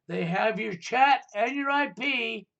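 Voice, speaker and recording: A man's voice: very high-pitched, slow pace, creaky, fairly bright tone, dull audio. A man hosting a live stream, ranting insistently and repeating rhetorical questions. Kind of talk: heated political talk stream.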